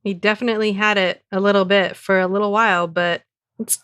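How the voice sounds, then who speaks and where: A woman's voice: medium pitch, fairly even intonation, a bit bright, smooth, dry recording. A woman with a mid-range voice chats as a podcast co-host, stumbling through her points and laughing often. The mic sound is dry and close. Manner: chatty, laughing, halting. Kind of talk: casual chat.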